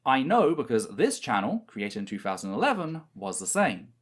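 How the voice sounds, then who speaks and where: A man's voice: mid-range voice, sing-song, moderate pace. A man narrating a scripted commentary video, argumentative and indignant. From United Kingdom. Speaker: commentary YouTuber.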